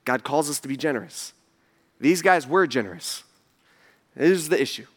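A man preaching a sermon as pastor, casual and emphatic, with lively asides to the congregation. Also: mid-range voice, moderate pace.

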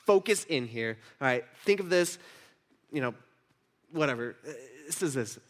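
A man in his thirties preaching a sermon, telling a family story with lively swings between hushed asides and emphatic outbursts. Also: medium pitch, measured pace. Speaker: pastor.

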